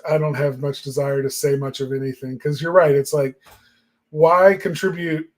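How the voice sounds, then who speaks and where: A man's voice: fairly high pitch, darkish tone. A man co-hosting a marketing talk show, musing in casual chat with lots of fillers. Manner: reflective and rambling, many fillers.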